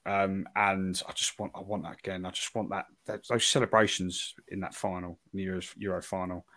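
A man's voice: low-pitched, level tone, brisk, sharp tone. A young man from England, a podcast co-host, talking in a gushing, emotional way and repeating himself. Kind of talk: casual chat.

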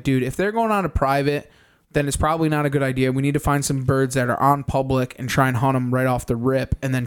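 Young guy recapping his hunt on a podcast, swears a lot, acts out what he said, regular mid pitch. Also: clear, resonant tone. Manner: animated, swears often, acts out his own reactions. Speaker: podcast co-host. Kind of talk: casual storytelling recap.

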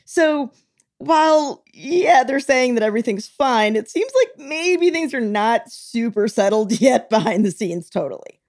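A woman co-hosting a podcast, telling a news story in casual chat, animated and acting out quotes, often laughing. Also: fairly high pitch, a little slow. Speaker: podcast co-host.

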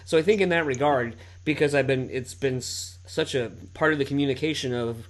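Male podcast host, 30s, mid-pitched, loose and profane, filler-heavy. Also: fairly quick. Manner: swears freely, many "like" and "you know" fillers. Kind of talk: casual podcast chat.

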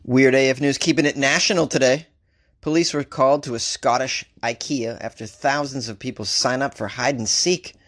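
Wisecracking male news show host. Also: mid-range voice. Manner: animated, with jokey asides and chuckles. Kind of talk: comedic news commentary.

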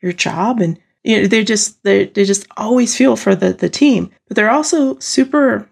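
A woman guest explaining team types in conversation, lively and acting out the voices of the people she describes, laughing often. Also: mid-range voice, moderate pace, gravelly, slightly rough. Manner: animated, acts out quoted voices, laughs often. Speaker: guest speaker on team dynamics.

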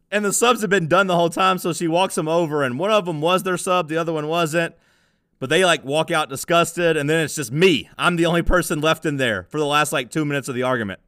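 A man's voice: fairly high pitch, fairly quick, fairly bright tone, clean tone, no echo, clean studio sound. A young man co-hosting a casual podcast, telling a rambling story and laughing easily. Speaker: podcast co-host.

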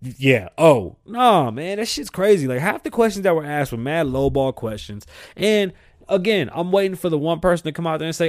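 A man's voice: a little high, expressive, normal speed, no room sound, clean studio sound. Blunt, profane man ranting. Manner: blunt, profane and repetitive, building to heated outbursts. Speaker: show host. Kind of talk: opinion rant monologue.

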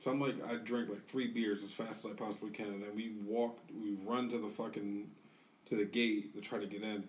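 Animated, profane man telling a story. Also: on the low side, brisk, recorded from a distance. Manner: animated, profane, acts out quotes. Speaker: podcast co-host. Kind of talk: casual storytelling.

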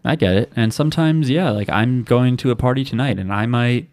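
A man co-hosting a podcast, chatting casually and telling animated, jokey stories. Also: mid-range voice, a little fast, no echo. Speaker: podcast co-host. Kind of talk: casual chat.

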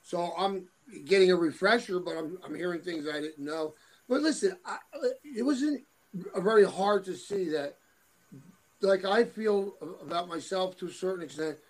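High-pitched husky man, rambling. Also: moderate pace, rough recording. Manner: rambling, repeats words while searching for them. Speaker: guest. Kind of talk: casual chat.

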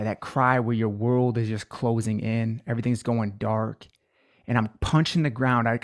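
A man in his twenties tells his life story as an interview guest, with a mid-range voice. He sounds earnest and emotional, and he slows down when the story gets hard. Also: medium pitch, gravelly.

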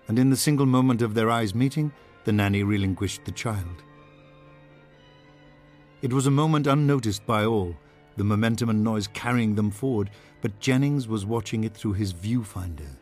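A man narrating a dark novel as an audiobook, in a measured, dramatic storytelling style. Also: lowish voice, faint music behind.

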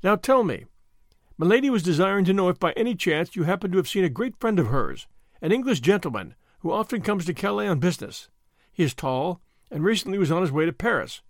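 A man doing a blustering English gentleman. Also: sits high, big pitch swings, fairly quick, dry recording, studio quality. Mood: careless. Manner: blustering, feigning carelessness. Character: hot-tempered English nobleman, young man.

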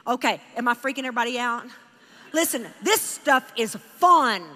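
A woman from Texas telling a story in a sermon, animated and emotional, speaking straight to her audience. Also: a little high, normal speed, long reverb tail. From Houston, Texas. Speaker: Bible teacher.

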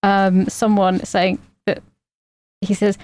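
A woman's voice: medium pitch, flat delivery, slow pace, darkish tone, no echo. A woman talking through a silly film on a podcast, rambling and breaking into laughter. Her voice sits in a middle register and sounds close and dry, with no room around it. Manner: rambling, laughing recaps with fillers. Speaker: podcast co-host. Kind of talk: casual film chat.

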